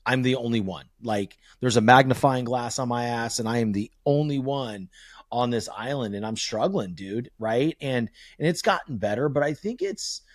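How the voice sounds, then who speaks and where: Male podcast host, thirties, mid pitch, lively storyteller, dry close mic. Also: normal speed, dry recording. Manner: animated storyteller, swears freely. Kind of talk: casual conversational podcast.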